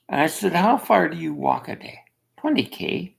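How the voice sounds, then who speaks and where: A man from Canada giving a rambling, opinionated monologue, swinging from loud outbursts to near-whispers. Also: on the high side, animated, normal speed, vocal fry, husky. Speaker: self-made video commentator. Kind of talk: casual monologue.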